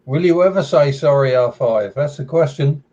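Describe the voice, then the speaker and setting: A man's voice: on the high side, normal speed, mellow. An older man chatting on a live call, blunt and sweary as he tells stories. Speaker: guest on a live chat. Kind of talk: casual chat. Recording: dull lo-fi call audio.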